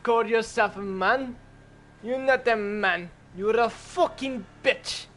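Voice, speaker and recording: A man doing a deadpan Russian grandma. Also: very high-pitched, slow pace, a little hiss or hum, full character voice. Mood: scornful. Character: stern older Russian grandmother, stone-faced and scornful.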